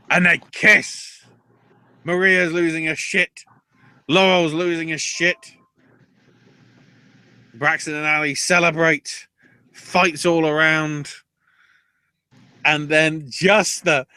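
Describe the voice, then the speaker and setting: A man hosting a podcast, recapping wrestling in an animated, profane storytelling way. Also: fairly high pitch, takes it slowly, pauses often, no room sound. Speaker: podcast host.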